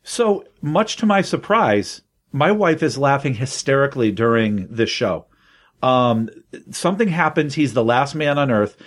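A married man co-hosting a podcast, chatting casually and retelling a comedy show with lively acted-out quotes. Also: mid-range voice, unhurried. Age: adult, married. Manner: animated storyteller, acts out quotes in a raised voice. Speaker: podcast co-host. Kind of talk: casual chat.

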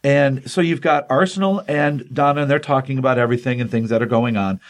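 A man's voice: medium pitch, a little fast. A man casually retelling a comic book issue on a podcast, rambling with many ums and restarts, acting out the dialogue.

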